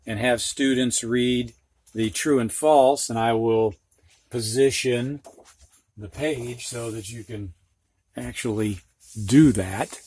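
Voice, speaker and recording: A man's voice: medium pitch, takes it slowly, a little mellow, breathy edge. An older man teaching a reading lesson, patiently sounding out words and explaining them with everyday examples. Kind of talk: phonics lesson for students and teachers.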